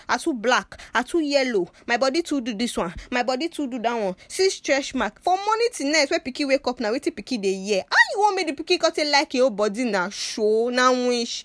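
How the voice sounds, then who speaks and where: Nigerian Pidgin woman host, high-pitched and dry, lively and preachy, peppers her talk with "eh" and "oh". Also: no echo. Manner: animated and preachy, with many "eh" and "oh" tags. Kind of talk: casual scripted talk in Pidgin.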